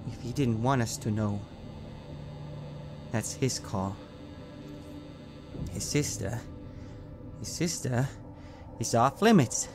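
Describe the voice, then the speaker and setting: A man's voice: medium pitch, takes it slowly, pauses often. A man voicing a tense male criminal who mutters an inner monologue to himself, clipped and self-scolding. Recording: clear music behind the voice. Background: music.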